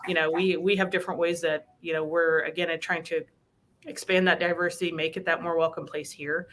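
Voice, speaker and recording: A woman speaks earnestly as a guest in an interview, sprinkling her talk with "um" and "you know". Her voice sits a little low yet sounds bright and forceful. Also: little pitch movement, brisk, slight background noise. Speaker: bank recruiter. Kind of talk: conversational interview.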